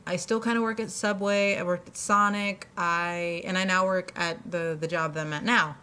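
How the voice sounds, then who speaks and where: Bright-voiced chatty young woman. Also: lowish voice, steady tone, moderate pace, clean tone. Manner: chatty, laughs often, many fillers and restarts. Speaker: vlogger. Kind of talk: casual storytelling.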